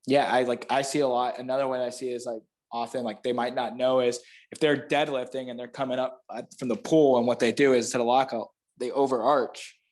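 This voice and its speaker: A man with a Florida panhandle accent chats easily as a podcast guest, medium-pitched. He explains training cues with vivid images and laughs often. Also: flat delivery, fairly quick, hardly any pauses, darkish tone. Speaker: guest, fitness clinician. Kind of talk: casual podcast chat.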